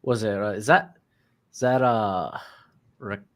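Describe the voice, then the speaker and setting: A young man co-hosting a casual chat, halting and full of restarts. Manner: halting, restarts a lot, lively swings in pitch. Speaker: co-host.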